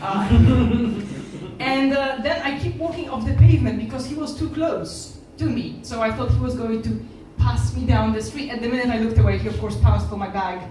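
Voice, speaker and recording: A woman with a Polish accent performs a stand-up set, animatedly acting out the people in her stories. Her voice sits a little high. She is heard from some way off in a very echoey room, with a faint hiss underneath. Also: moderate pace, distant mic. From Poland. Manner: animated storytelling, acting out other people's lines. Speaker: stand-up comedian. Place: comedy club stage.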